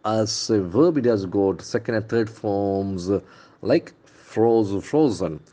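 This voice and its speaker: A man with an Indian English accent teaching vocabulary from the newspaper, repeating words slowly and spelling out their letters. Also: lowish voice, expressive, dark tone. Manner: enthusiastic, calls words beautiful and brilliant. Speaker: English trainer.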